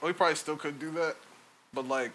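Laughing high-voiced male podcast host. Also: fairly even intonation, brisk, pushed and bright. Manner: laughing, joking, profane banter. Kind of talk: casual chat among friends. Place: at home. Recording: noisy home recording.

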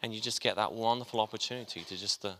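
A man's voice: fairly low pitch, steady tone, fast, sharp tone, a little hiss or hum. A man preaching a sermon, chatty and joking with his congregation as he talks. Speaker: pastor. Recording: long hall reverb.

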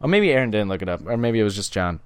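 A man's voice: on the low side, very animated, rapid-fire, smooth, no room sound. A young man co-hosting a casual sports podcast, heated and swearing freely as he talks. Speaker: podcast co-host.

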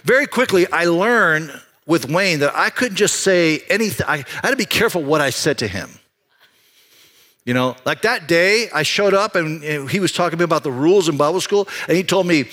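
A man preaching a sermon as pastor, telling a personal story in an animated way with frequent restarts. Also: fairly high pitch, brisk.

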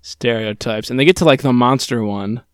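A man co-hosting a podcast, casually recapping a TV episode and quoting the characters in quick asides. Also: mid-range voice, smooth, no room sound, studio quality. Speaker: podcast co-host.

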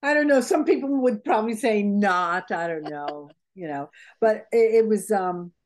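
A woman's voice: medium pitch, lively intonation, moderate pace, a little mellow. A middle-aged American woman, a guest in a casual interview, telling heartfelt stories in a rambling way with many fillers. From United States. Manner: rambling, heartfelt storytelling with many "you know"s.

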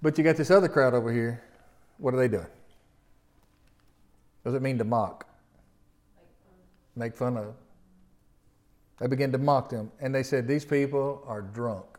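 Southern guy preaching, reads the verses slow then riffs on them, keeps asking the crowd questions. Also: medium pitch, steady tone, a little mellow. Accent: Southern American. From Southern United States. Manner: folksy, asks the listeners rhetorical questions; reads scripture slowly, then talks through it. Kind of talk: sermon with Bible reading.

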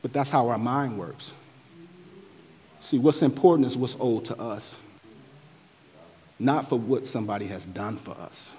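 Unhurried and dark-toned with a breathy edge, this pastor leaves long pauses while he reads scripture and explains it. His sermon follows a preaching cadence, swelling and dropping in pitch and force, under long hall reverb.

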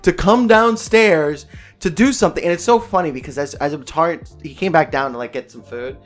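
A man's voice: a little high, brisk, faint music behind. A young man co-hosting a podcast, telling a family story in casual chat, swearing often and acting out what others said. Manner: animated, swears a lot, acts out family quotes. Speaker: podcast co-host.

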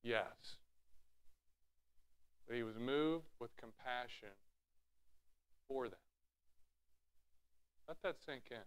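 A man's voice: mid-range voice, takes it slowly, long pauses, clear, resonant tone. A man preaching a sermon, teaching from scripture with rhetorical questions and acting out Bible scenes in raised voices. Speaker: pastor.

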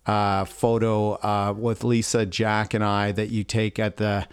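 A man's voice: on the low side, level tone, unhurried, clean tone, dry recording, studio quality. A middle-aged man from Canada co-hosting a podcast, chatting casually and telling a long story in a rambling way, acting out what others said. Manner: rambling storyteller, acts out quotes. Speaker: podcast co-host. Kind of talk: casual chat.

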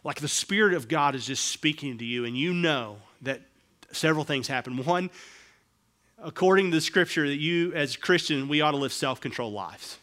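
A middle-aged man delivers a sermon as pastor, his voice sitting a touch high. He drops to quiet, low asides and then climbs into raised, emphatic stretches, talking straight to the congregation. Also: normal speed. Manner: dynamic, swings between hushed and raised emphasis.

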